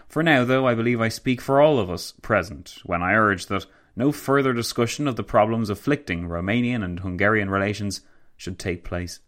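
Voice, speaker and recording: A man's voice: medium pitch, fairly bright tone, pitched above the performer's own voice, close to an everyday voice. A man voicing a formal, genial male statesman who speaks courteously and conciliates.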